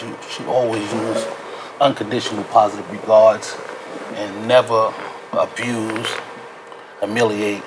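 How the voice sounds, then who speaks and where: A man speaking as a counselor guest on a talk show, explaining in an earnest, supportive way. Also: lowish voice. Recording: noticeable background noise.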